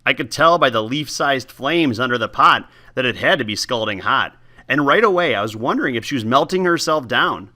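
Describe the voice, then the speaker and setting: A man reading a novel aloud with lively, expressive storytelling, then talking casually about the book. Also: mid-range voice, a little fast. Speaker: teacher giving book talks.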